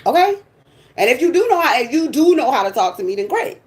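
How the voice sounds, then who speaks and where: A woman's voice: high voice, big pitch swings, fast. Blunt, sassy woman ranting. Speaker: tarot channel host. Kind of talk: casual ranting monologue.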